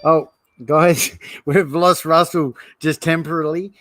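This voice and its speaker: A man's voice: on the high side, steady tone, unhurried, a bit bright, no room sound. A man hosting a live online interview, friendly and encouraging. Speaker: host.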